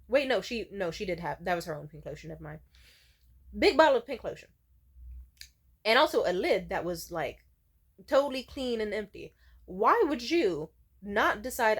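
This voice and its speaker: A woman's voice: mid-range voice, animated, normal speed, pauses often, husky. Woman telling a blunt, profane story. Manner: blunt, profane, rambling with restarts. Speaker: vlogger. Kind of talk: casual storytime chat.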